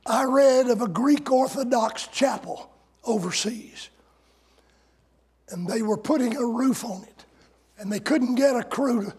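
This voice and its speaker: A man preaching a folksy, sarcastic sermon that builds to shouted climaxes. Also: very high-pitched, unhurried, pauses often, breathy edge.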